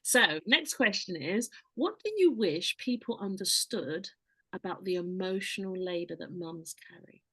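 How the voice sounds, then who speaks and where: A woman hosting a podcast, speaking in a slow, reflective way that turns lively when she retells stories. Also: medium pitch, slightly rough. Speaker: podcast host. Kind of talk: conversational interview.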